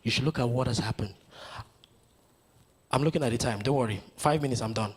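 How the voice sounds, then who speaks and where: This Nigerian man speaks fairly quickly in a mid-range, darkish, slightly rough voice. Giving a motivational conference speech, he fires rhetorical questions to stir up his audience.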